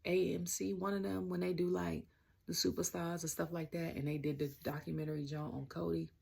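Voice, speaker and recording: Young Southern woman, low pitch, raspy, chatty reviewer rambling with slang. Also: level tone, a little fast, warm tone. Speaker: wrestling show reviewer. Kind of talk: casual rant-style review.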